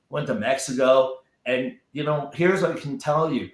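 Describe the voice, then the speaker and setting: A man's voice: medium pitch, fairly even intonation, brisk, roomy sound. A man talking as a guest in a casual chat, emphatic and often repeating words as he builds up a point.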